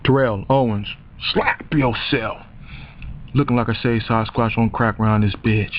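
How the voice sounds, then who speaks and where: A man's voice: fairly low pitch, fairly even intonation, fairly quick, dull audio, background noise. A man hosting a comedy show, delivering a heated, profane and mocking rant. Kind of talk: ranting comedic commentary.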